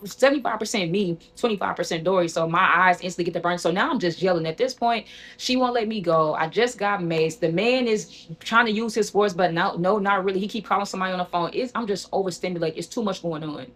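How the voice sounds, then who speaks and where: A woman vlogger telling a dramatic personal story in an animated storytime style. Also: fairly low pitch, fast. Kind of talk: storytime vlog.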